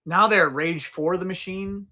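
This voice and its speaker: His voice is high, pushed and bright, with a measured pace. The speaker, a man in his forties, hosts an outdoor livestream where he rambles, swears a lot and responds to his chat.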